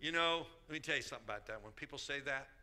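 A man's voice: medium pitch, racing, pushed and bright. A man preaching a sermon as a bishop, emphatic, repeating key phrases and calling out to the congregation.

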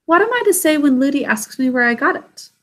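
A woman's voice: sits high, sing-song, fairly quick, a bit bright, voice pushed up. A woman voicing a sweet, eager young princess who exclaims breathlessly.

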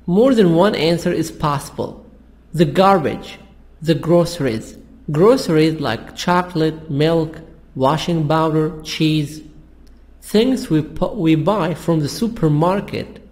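A man teaching an English lesson in a slow, repetitive, explaining manner. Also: a little high, a little mellow. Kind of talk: classroom language lesson.

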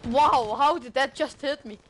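A young man commentating his own shooter gameplay with excitable, frustrated outbursts. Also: very high-pitched, normal speed, a little hiss or hum. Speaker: gaming streamer. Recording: game gunfire loud behind voice. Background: gunfire from the game.

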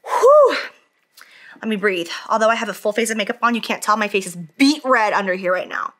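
A woman in her thirties speaks straight to camera in a casual beauty vlog, doing her makeup as she talks. Her voice is bright and forward, and her speech runs candid and emotional, full of "like" fillers and restarts. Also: medium pitch, quick pace. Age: 30s. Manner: talks while applying makeup. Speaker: beauty vlogger.

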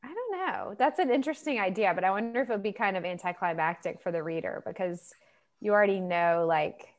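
A woman's voice: medium pitch, fast. A woman author in a casual interview chat over a video call, talking loosely with many fillers and laughs. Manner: chatty, lots of fillers and laughs. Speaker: author guest.

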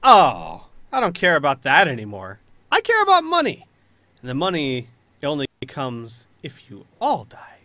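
A sneering hired killer who cares only for money, his lively voice jumping up and down as he mocks. A man puts him on as game master. The tone is bright and cutting. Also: on the high side, moderate pace, dry recording, exaggerated voice. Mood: taunting. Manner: taunting, sneering. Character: greedy mocking male mercenary killer.

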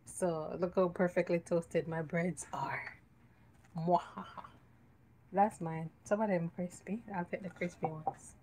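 A woman's voice: fairly low pitch, fairly even intonation, moderate pace, hardly any pauses, warm tone, a little hiss or hum. Jamaican woman hosting a live home cooking stream; playful, giggly, cracks jokes. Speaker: cooking show host. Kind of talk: casual live cooking chat. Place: home kitchen.

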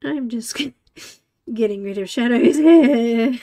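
Woman, 40s, host of a live art stream; high voice, unhurried, chatty and giggly. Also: mellow. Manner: chatty, laughing, teasing her cat. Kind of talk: live coloring stream chat.

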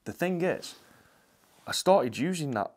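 A man's voice: a little high, animated, a little slow. A man on a ghost hunt inside a house at night, explaining things matter-of-factly to his viewers. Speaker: paranormal investigator.

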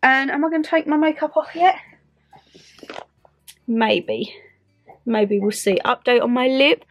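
Young Northern English woman vlogging at home, high-ish voice, chatty and self-mocking, soft music underneath. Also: animated, a little slow. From Northern England. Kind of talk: casual vlog chat.

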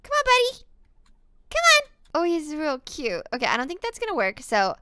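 A young woman hosting a modded block-building game session, gushing and gasping over cute animals in excited chat. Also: high voice, normal speed, noisy background. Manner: gushing, squealing over cute things, frequent gasps.

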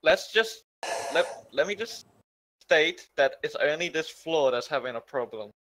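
A man with a somewhat high voice plays in a tabletop game and reacts quickly, often exasperated. His mic carries a clear layer of background noise. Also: lively intonation. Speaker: player. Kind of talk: casual game chat. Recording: noisy home mic.

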